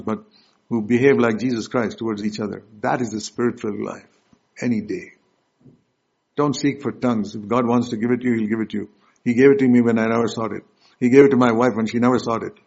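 A man preaching a sermon, emphatic and direct, questioning his congregation, with loud stresses and soft asides. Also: medium pitch, husky. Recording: dull lo-fi recording.

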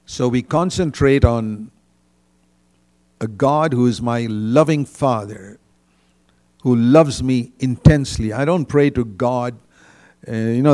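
A man's voice: mid-range voice, vocal fry, darkish tone. An older man preaching a sermon in a conversational way, with bursts of emphasis.

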